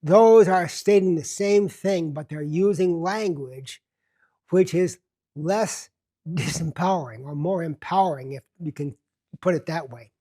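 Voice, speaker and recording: A man hosting a self-help television show, teaching in a deliberate, emphatic way and slowing down to stress key words. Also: on the high side, dark tone. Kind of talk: self-help lecture to camera.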